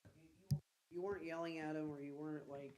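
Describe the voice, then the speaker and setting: A man's voice: fairly high pitch, flat delivery, fast, darkish tone. A young man co-hosting a casual podcast, talking earnestly and repeating himself as he thinks aloud. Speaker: podcast co-host.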